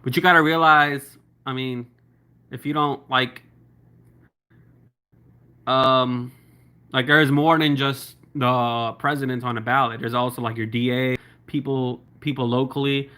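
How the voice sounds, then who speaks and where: A Southern man rambling through a livestream, his voice bright and forward. He talks loosely, full of likes, ums and laughing asides as he answers viewer comments. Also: mid-range voice, fairly even intonation, measured pace, clean tone. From South Florida. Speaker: YouTuber. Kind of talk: casual livestream chat reading viewer comments.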